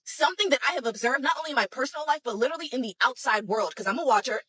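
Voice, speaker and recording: A woman vlogger talking casually in an animated, exasperated way. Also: high voice, very fast, husky, no echo. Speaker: vlogger in a clip. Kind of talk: casual vlog talk.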